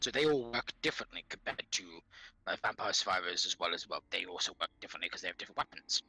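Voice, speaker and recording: A man's voice: deep voice, lively intonation, fast, creaky, sharp tone, slightly rough, dry recording, rough recording. A man with a non-native English accent co-hosting a casual gaming podcast, laughing often and swearing freely. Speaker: podcast co-host.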